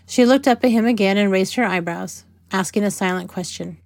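A woman narrating a novel in a measured, even reading. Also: mid-range voice, creaky, no echo, clean studio sound. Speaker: audiobook narrator. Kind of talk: scripted narration.

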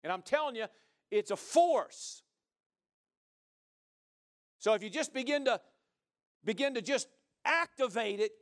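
A middle-aged male pastor preaching a sermon, moving from quiet talk into shouted praise. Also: very high voice, lively intonation, a little slow.

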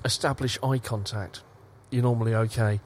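A man from Britain chats on a podcast. He speaks in a posh-sounding, halting way and often repeats his words. His pitch is average for a man. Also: steady tone, slight background noise. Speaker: podcast co-host. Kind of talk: casual chat.

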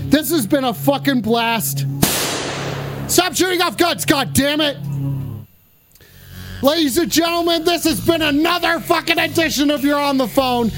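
Very high-voiced, excitable male streamer. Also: normal speed. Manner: excitable, heavy swearing, hype shout-outs. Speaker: livestream host. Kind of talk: live stream sign-off. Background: music.

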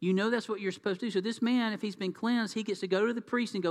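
A man's voice: high voice, fast talker, hardly any pauses. A man preaching a sermon in a conversational, folksy way. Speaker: pastor. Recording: reverberant hall.

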